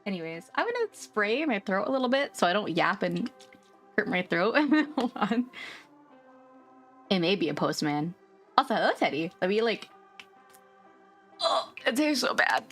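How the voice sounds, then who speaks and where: A chatty, giggly woman chats through a live game stream, her voice bouncing all over with lively pitch at a middling height. She talks casually and jumps easily at scares. Faint game music plays behind her. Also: normal speed, long pauses. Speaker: VTuber streamer.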